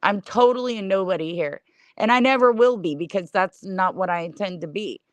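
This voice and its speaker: Speaking briskly in a mid-range voice with no room sound, a middle-aged livestreamer delivers a profane, scornful rant. She's blunt and curses in almost every sentence.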